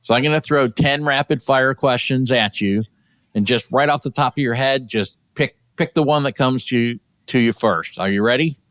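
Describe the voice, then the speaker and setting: A man running a casual interview, asking quick upbeat questions. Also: medium pitch, fairly bright tone, no echo.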